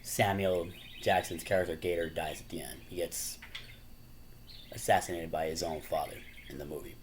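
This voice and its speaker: A man talks in a relaxed, meandering way, filling his sentences with "you know" and "like". His voice sits on the lower side. He laughs often as he goes, and a faint background hiss stays under the talk. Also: normal speed. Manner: rambling, full of "you know" and "like"; laughs often while talking. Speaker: YouTuber. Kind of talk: casual chat.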